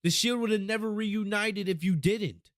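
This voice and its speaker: Podcast host, male, fairly high voice, dry close sound; excitable, swears a lot, rambles and restarts. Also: moderate pace, no echo. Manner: excitable, profane, rambling recap with frequent restarts. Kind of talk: casual wrestling review podcast.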